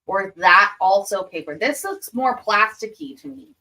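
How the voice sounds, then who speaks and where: A woman's voice: medium pitch, expressive, moderate pace, bright, forceful tone. A woman hosting a casual livestream, chatting and giggling as she tastes candy and savors it aloud. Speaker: livestream host reacting to court videos. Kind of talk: casual livestream chat while tasting candy.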